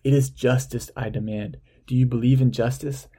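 A man's voice: medium pitch, fairly even intonation, normal speed, dark tone, slightly rough, close to an everyday voice. A man reading as a stern creditor. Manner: firm, unyielding. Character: stern male creditor demanding justice.

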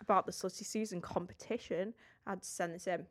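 A woman's voice: lowish voice, quick pace. A young adult woman co-hosting a podcast, casually chatting, laughing and swearing as she reads out listener messages. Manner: laughing, swearing, animated reading. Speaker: podcast co-host. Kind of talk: casual chat, reading listener messages aloud.

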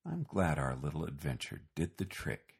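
A man voicing a gentle old Santa Claus in a storybook reading, speaking softly and slowly, a little husky. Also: rumbling low, huge pitch swings, voice pushed down, exaggerated voice. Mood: warm. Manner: soft, hushed and slow.

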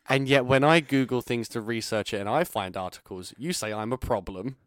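A man's voice: mid-range voice, moderate pace, fairly bright tone, slight background noise. A man co-hosting a podcast in casual chat, teasing and wry with frequent laughter. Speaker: podcast co-host. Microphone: podcast microphone.

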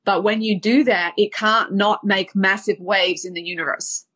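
Breathy woman telling a heartfelt story. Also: mid-range voice, fairly even intonation, moderate pace, a bit bright. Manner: vivid retelling with acted quotes. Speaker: dating and relationship coach. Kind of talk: emotional personal storytelling.

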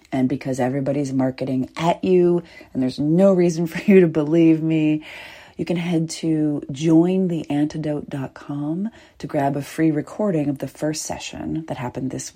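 A woman hosts her own podcast in a relaxed, earnest way. Her voice sits low and mellow, and she sometimes sinks to a soft whisper before coming back up. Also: husky. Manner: earnest, animated, drops to soft whispers at times. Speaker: podcast host. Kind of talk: casual solo podcast talk.

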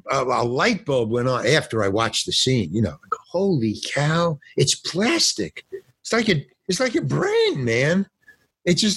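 A man's voice: a little high, breathy edge, dry recording. An older man, an actor and stand-up comedian, telling stories in a casual interview and acting out the voices in them. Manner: animated storyteller acting out voices. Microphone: phone or remote call.

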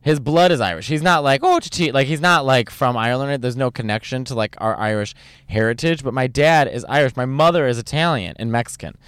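A man as a podcast guest, talking in an animated, campy way with quick jokes. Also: medium pitch, clean tone, dry recording, clean studio sound. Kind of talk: casual chat.

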